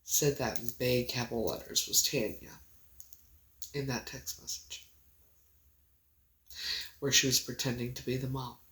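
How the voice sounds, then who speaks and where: Halting, emotional woman in an echoey room. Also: extremely low pitch, steady tone, fairly bright tone. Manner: emotional, halting, with many pauses and restarts. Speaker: livestreamer. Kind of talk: casual livestream chat. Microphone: phone.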